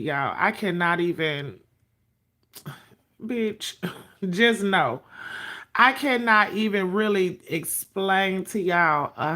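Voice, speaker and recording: A woman's voice: on the low side, fairly bright tone. A woman hosting a casual livestream, sassy and profane, greeting viewers by name. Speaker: livestream host.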